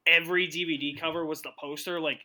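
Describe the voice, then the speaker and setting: A man's voice: a little high, fairly even intonation, fast talker, bright, forceful tone. A man co-hosting a casual movie podcast, talking enthusiastically. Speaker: podcast co-host. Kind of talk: casual chat.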